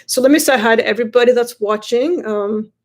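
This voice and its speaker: A woman in her fifties chatting casually to viewers from a hotel room, rambling and halting with many fillers and restarts. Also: on the high side. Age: 50s. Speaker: motorcycle vlogger.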